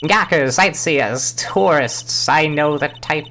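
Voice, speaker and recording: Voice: medium pitch, slow pace, a bit bright, slight background noise, voice pushed up. A let's-play player voicing a fussy, scolding old woman security guard, rambling about the old days, over background music. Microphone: home mic.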